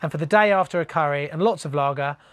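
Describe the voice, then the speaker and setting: Chatty plumber, dry close sound. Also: male voice, fairly high pitch, quick pace, clear, resonant tone, no room sound. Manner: chatty, jokey, calls viewers mate. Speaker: plumber and channel host. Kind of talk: casual vlog reading viewer comments.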